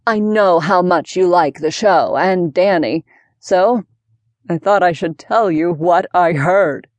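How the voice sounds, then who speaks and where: A woman voicing a friendly older boy cousin who shares news slowly and excitedly. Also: lowish voice, no echo.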